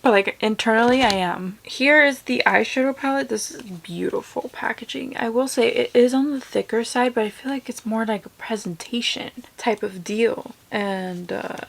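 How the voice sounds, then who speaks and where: A young woman reviewing makeup in a casual vlog, chatty and gushing, full of "like", sometimes dropping to soft asides. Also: on the high side, moderate pace, gravelly, hardly any pauses. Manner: chatty and effusive, lots of "like", drops to soft asides. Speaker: beauty vlogger.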